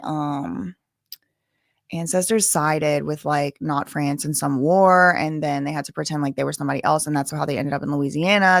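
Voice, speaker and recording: A woman's voice: sits low, no room sound, clean studio sound. A woman hosting a livestream, chatting casually and rambling off on tangents. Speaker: livestream host.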